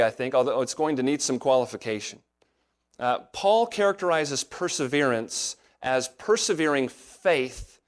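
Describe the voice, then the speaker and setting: A male pastor preaching an expository sermon. He talks in an earnest, explanatory way and keeps asking rhetorical questions as he works through a text. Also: mid-range voice.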